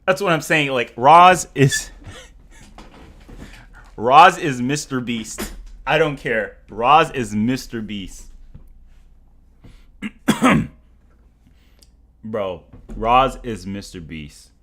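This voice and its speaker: A young man hosts a live stream in a casual chat, with a voice that swings wildly in pitch. He talks slowly and stammers, jumping from excited shouts to low mumbles. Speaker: livestream host.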